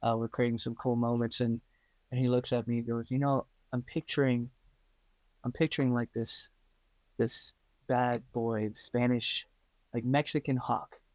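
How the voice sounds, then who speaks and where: A man's voice: mid-range voice, a little slow, no room sound. A man being interviewed, telling stories in a casual way, full of ums and likes, laughing and acting out what others said. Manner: animated, laughing, acts out quoted voices; many fillers like um and like. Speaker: interview guest, stunt performer and actor. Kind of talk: casual storytelling.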